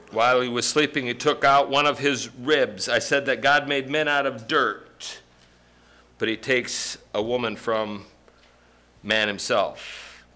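A man preaching a sermon, joking with the congregation and breaking into loud emphasis. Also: mid-range voice. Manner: folksy, joking asides with sudden loud emphasis. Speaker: pastor.

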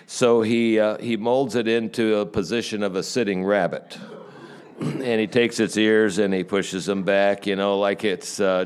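Male preacher, lowish smooth voice, relaxed storytelling sermon. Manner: storytelling, conversational, frequent "uh". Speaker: pastor.

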